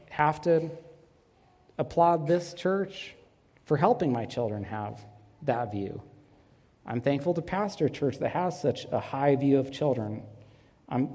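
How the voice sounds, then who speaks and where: Male pastor, 30s, earnest sermon delivery with warm anecdotes; reverberant church sound. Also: medium pitch. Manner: earnest, storytelling with light humor. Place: church sanctuary.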